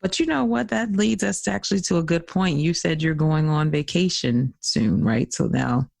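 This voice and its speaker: A woman from Virginia co-hosting a podcast, chatting casually with playful teasing and drawn-out emphasis. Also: sits low, gravelly, darkish tone, dry recording. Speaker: podcast co-host. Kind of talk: casual chat.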